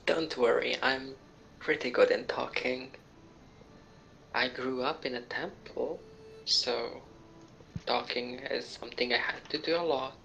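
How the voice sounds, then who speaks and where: Gravelly-voiced playful man. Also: medium pitch, steady tone, unhurried, long pauses, bright, forceful tone, a little hiss or hum, poor audio. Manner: playful, narrates his actions. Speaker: player. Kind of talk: casual tabletop game chat.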